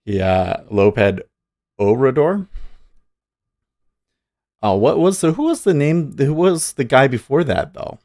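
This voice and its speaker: This day-trading host on a livestream speaks at normal speed with barely a pause, his voice a bit high, sing-song and mellow. Opinionated and rambling, he answers his chat in casual commentary, and the sound is dry.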